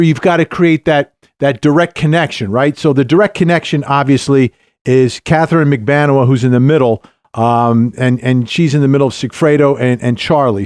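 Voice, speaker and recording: A man's voice: mid-range voice, dry recording, clean studio sound. A middle-aged man, a former prosecutor, giving emphatic legal analysis as a podcast guest, often asking "right?". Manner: animated, emphatic, uses rhetorical "right?".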